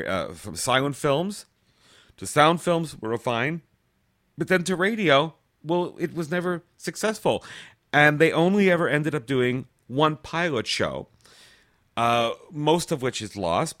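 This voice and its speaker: A man hosting a radio show, introducing old comedy recordings in a conversational way with pauses. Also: mid-range voice, fairly bright tone, dry recording, studio quality. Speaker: radio host. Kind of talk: presenting archive recordings.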